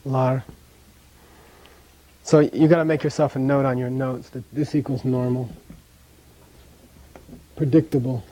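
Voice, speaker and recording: In a rough recording, a middle-aged man with a medium-pitched voice teaches a language class at an unhurried pace with long pauses. He's relaxed and casual, often checking in with his students by asking "okay?".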